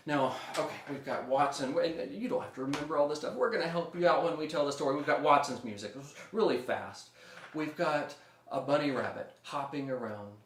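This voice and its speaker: A man's voice: mid-range voice, a little hiss or hum. Young guy doing a kids music lesson at home, upbeat, roomy echo. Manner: upbeat, talks to kids, leads call-and-response. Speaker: music teacher for children. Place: room at home. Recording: echoey room.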